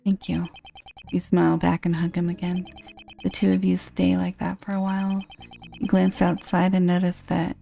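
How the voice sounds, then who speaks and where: A woman reading a dating game's text aloud, with dry, deadpan asides. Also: on the low side, moderate pace, vocal fry, soft background music.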